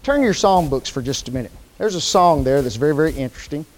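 A man preaching a sermon, asking the congregation questions and answering them, swinging from loud high emphasis to low soft drops. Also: animated, quick pace.

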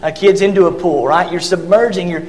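Preacher, man, high voice, earnest and halting with fillers, recorded in a reverberant hall. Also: steady tone, a little mellow. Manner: earnest, fillers and repeated words, reads scripture aloud. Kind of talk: sermon.

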